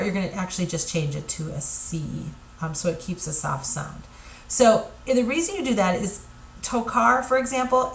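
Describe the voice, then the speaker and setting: A woman's voice: medium pitch, fairly bright tone, roomy sound. A woman teaching a recorded Spanish lesson, explaining patiently with frequent fillers and checks for understanding.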